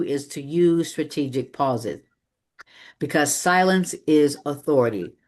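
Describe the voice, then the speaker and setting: A public speaking coach teaches a live room with an energetic, emphatic delivery and a mid-range voice. The pace keeps shifting, slowing on key points and speeding through transitions. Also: medium pitch. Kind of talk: live training presentation. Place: meeting room with an audience.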